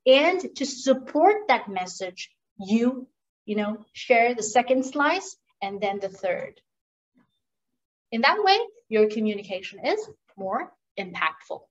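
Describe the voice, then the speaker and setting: A woman running an interactive workshop on professional communication, lively and asking the audience questions. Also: fairly high pitch, takes it slowly, distant mic, dull audio. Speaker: communication skills trainer. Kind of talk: interactive online workshop talk.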